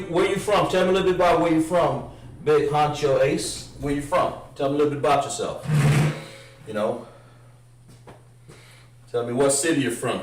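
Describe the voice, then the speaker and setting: A man leads a livestreamed language lesson at a slow, deliberate pace, drawing out syllables in drills. He breaks off for chatty asides to viewers. He sits back from the mic in a roomy space that echoes. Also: medium pitch. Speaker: instructor. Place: room, livestream. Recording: roomy echo, far from the mic.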